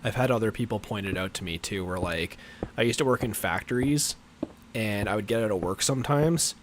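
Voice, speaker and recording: A man with a deep, low-pitched voice talks through a gaming livestream in a loose, rambling way, full of fillers and little chuckles. The recording carries a clear bed of steady background noise. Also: a little fast. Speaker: livestream gamer. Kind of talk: casual gameplay chat.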